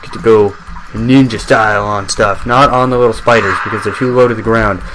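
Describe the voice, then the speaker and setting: A man's voice: on the low side, fairly even intonation, fairly quick, a bit bright, a little hiss or hum. Chatty man rambling over his gameplay. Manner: rambling and chatty, jokes with the game's enemies. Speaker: gamer commentating his own play. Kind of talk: casual let's-play commentary.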